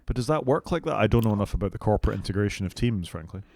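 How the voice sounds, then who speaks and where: Low-ish guy on a tech podcast, dry sceptical tone, close dead mic. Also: animated, very fast, vocal fry, a little mellow, no room sound. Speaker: podcast co-host. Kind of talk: casual tech chat.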